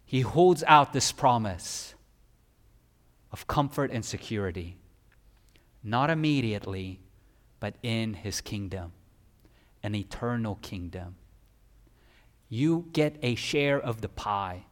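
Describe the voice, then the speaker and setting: A male pastor preaching a sermon emphatically, swinging from loud peaks down to quiet. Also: on the low side, animated, takes it slowly, pauses often. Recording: long hall reverb.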